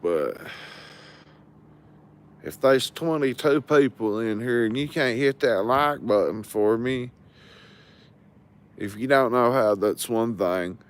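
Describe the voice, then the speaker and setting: A man's voice: medium pitch, animated, slow, pauses often. A man, telling rambling, profane stories to his livestream viewers. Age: 40s. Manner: loose, crude, rambling storytelling.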